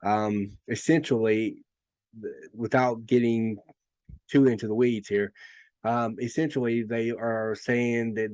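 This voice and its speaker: A man's voice: on the low side, darkish tone, no room sound. A man teaching an informal lesson and explaining things step by step, with frequent fillers and restarts. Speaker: Bible teacher. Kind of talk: informal lecture.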